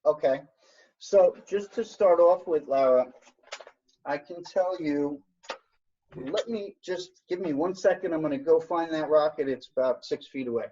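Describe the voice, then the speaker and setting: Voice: mid-range voice, a little slow, warm tone, slightly rough. An instructor teaching an online science workshop, explaining step by step in an encouraging way over a video call. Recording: dull lo-fi video call audio.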